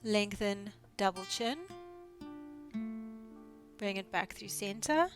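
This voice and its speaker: Woman, physiotherapist, guided exercise instruction, calm encouraging cues, middle pitch, soft music behind. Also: takes it slowly. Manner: calm, encouraging step-by-step cueing.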